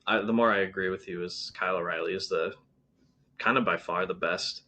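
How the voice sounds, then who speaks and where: A man's voice: low-pitched, steady tone, brisk, bright, forceful tone. A man co-hosting a podcast, casually reviewing wrestling shows with lots of ums and restarts. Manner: rambling, frequent ums and restarts. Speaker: podcast co-host.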